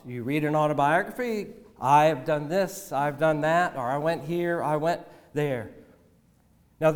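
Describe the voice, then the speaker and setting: A man preaching a sermon as pastor, measured and deliberate, often asking rhetorical questions. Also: on the high side, big-room sound.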